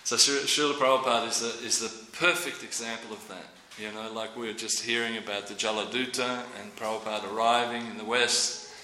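A man's voice: lowish voice, fairly even intonation, brisk, sharp tone, echoey room, a little hiss or hum, poor audio. Rambling man telling stories. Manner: rambling, anecdotal, repeats his words. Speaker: devotional speaker. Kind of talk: devotional talk with storytelling.

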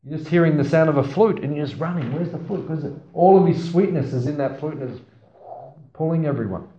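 A man's voice: fairly high pitch, brisk, mellow, slight background noise. Man teaching scripture in a roomy hall. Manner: storytelling, asks the audience questions, playful asides. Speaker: class speaker on scripture. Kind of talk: scripture class talk. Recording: roomy, slightly dull sound.

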